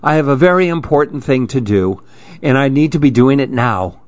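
A man voicing a fussy, busy male pigeon in a storybook reading, talking in brisk, impatient huffs. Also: mid-range voice, animated, darkish tone, dry recording, dull audio, natural voice. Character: fussy, huffy male pigeon, always rushing. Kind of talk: storybook read-aloud.

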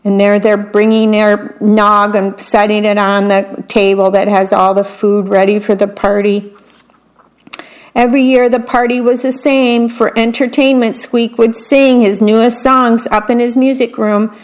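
A woman's voice: medium pitch, level tone, a little slow. A woman reading a picture book aloud, stopping to comment on what each picture shows. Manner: adds chatty commentary on the pictures. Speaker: story reader.

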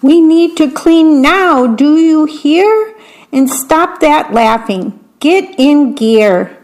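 A bossy, harried storybook mom who scolds her family in a raised, high voice, as a woman reading aloud puts her on. She talks at a slow, read-aloud pace. Her tone is impatient and brisk. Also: expressive, a little mellow. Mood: scolding. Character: bossy busy mother, impatient.

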